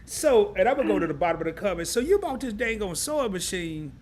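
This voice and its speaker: Male live-stream host, slightly high voice, chatty, casual interview tone. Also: big pitch swings, quick pace, darkish tone, a little hiss or hum. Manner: chatty, reads comments aloud.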